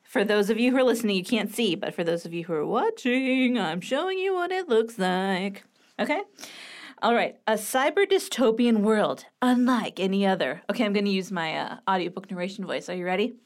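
A woman in her thirties hosting a casual writing show, chatty and playful, with quick asides, recorded at home. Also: mid-range voice, lively intonation. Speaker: writing coach and podcast host. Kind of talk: casual chat with book critique. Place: home room with a clicking heater.

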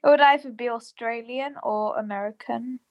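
A woman's voice: a little high, moderate pace, highs cut off. A British teenage girl co-hosting a podcast, giggly and hesitant in casual chat. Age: teens. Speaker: podcast co-host.

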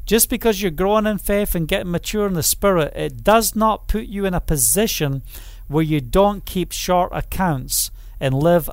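A man preaching a sermon with fervor, calling out hallelujah and amen, rising to loud proclamation and dropping to quiet, low passages. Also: dry recording. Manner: fervent, repeats phrases, calls out hallelujah and amen.

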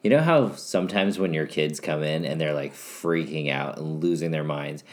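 A man co-hosting a casual couples podcast, speaking calmly and finishing his partner's sentences. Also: a bass voice, moderate pace. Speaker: podcast co-host.

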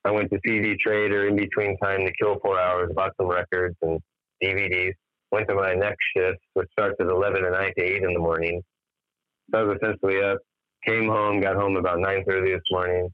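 A man's voice: sits low, flat delivery, fairly quick, clean tone, no room sound. A tired man telling a strange story in a casual phone interview, swearing freely and acting out the dialogue. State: tired after staying up all night. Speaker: musician guest. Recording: dry, tinny phone line.

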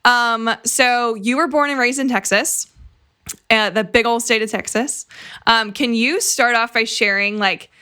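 A woman's voice: fairly high pitch, unhurried, sharp tone, clean tone. Upbeat young woman podcast host. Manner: upbeat, enthusiastic. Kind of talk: casual podcast chat.

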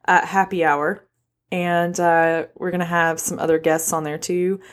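A woman co-hosting a casual podcast chat, quiet and chiming in with short replies. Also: lowish voice, little pitch movement, unhurried. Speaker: podcast co-host.

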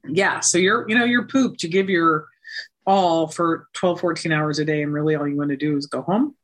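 Animated woman telling her story. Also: sits low, normal speed. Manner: animated, emphatic, acts out quoted dialogue. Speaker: guest, nonprofit founder. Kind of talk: conversational storytelling interview.

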